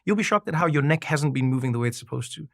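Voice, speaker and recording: A man talking casually on a podcast, an animated storyteller who acts out the people he quotes. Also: on the high side, rapid-fire, vocal fry, dry recording, studio quality. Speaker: podcast guest. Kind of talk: casual conversation.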